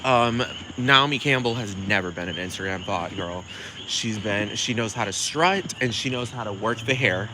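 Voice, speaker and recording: A man's voice: fairly low pitch, noisy background. Sassy, profane man ranting. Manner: sassy, profane, fast rambling. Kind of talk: comedic rant.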